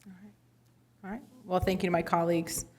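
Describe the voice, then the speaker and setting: A woman mayor runs a city council meeting, moving through the agenda in a casual, procedural manner. Her voice sits slightly low. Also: steady tone, brisk, background noise. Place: council chamber.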